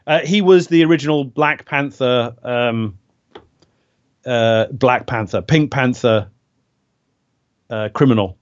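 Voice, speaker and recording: Male voice actor guest, rambling anecdotes, lots of ums, mid pitch, muffled lo-fi sound. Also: slow, pauses often, clean tone. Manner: rambling, hesitant, many fillers, storytelling. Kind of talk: casual interview over a stream.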